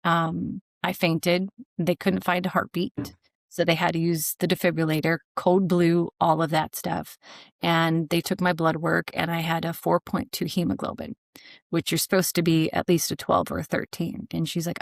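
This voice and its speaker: A woman's voice: lowish voice, little pitch movement, normal speed, vocal fry, no echo, clean studio sound. A woman guest on a podcast, telling a personal story candidly, with a joking streak and many "you know" fillers.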